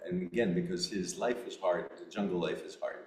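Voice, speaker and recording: A middle-aged man, a podcast guest, telling a personal story in an earnest, halting way with many restarts. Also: low voice, steady tone, darkish tone. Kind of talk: storytelling in a casual interview. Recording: roomy echo.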